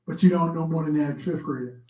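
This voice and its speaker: Animated woman co-host in an echoey room. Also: low-pitched, very fast. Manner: animated, laughing storyteller. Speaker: talk show co-host. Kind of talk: casual radio talk.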